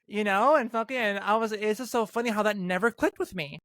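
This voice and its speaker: A woman's voice: medium pitch, brisk, fairly bright tone, dry recording. A trans woman co-hosting a podcast, chatting casually, swearing often and restarting her sentences a lot. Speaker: podcast co-host. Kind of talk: casual chat.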